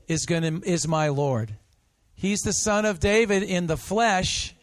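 A high-voiced man delivers an interactive sermon at an unhurried, deliberate pace. He coaxes his listeners to repeat after him and answer back, leaning hard on each phrase. The sound is close and dry, with no room echo. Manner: coaxing, call-and-response, slow and emphatic. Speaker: pastor.

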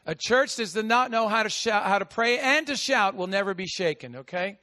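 A high, bright-voiced American pastor preaching with a big voice that jumps from fervent shouts to quiet asides. His words ring out with a long reverb through a church hall. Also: expressive, normal speed. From United States. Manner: big voice that swings between shouting and hushed asides. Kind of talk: sermon.

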